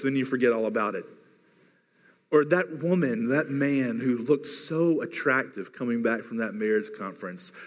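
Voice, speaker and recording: A man with a fairly high voice preaches to his congregation in a loose, chatty way, full of fillers and quick asides. The sound carries a long reverb from a church hall. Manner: chatty, animated, many fillers like "like". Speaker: pastor. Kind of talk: casual sermon. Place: church sanctuary.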